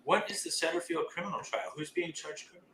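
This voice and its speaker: A man co-hosting a live stream, chatty and joking, breaking in with quick questions. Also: fairly high pitch, bright, forceful tone, slightly rough, low-quality recording. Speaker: co-host asking questions. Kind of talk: casual live-stream chat.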